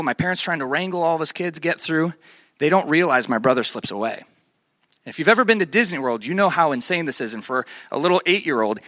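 A young man tells a family story in a casual, animated way, acting out the voices of the people in it. His voice is bright and forceful, recorded close and dry with no room sound. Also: mid-range voice, dry recording. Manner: animated storyteller, acts out quoted voices, many fillers.

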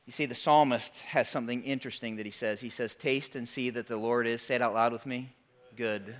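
A man's voice: mid-range voice, fairly even intonation, brisk. A man in his forties preaching a sermon, storytelling with animation and calling out to his congregation. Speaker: pastor.

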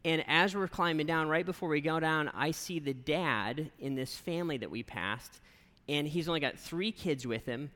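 A man preaching a sermon as a pastor, telling a story in a lively, conversational way and often checking in with "right?". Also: on the high side, moderate pace. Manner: animated storyteller, conversational, keeps asking "right?". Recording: long reverb of a large hall.

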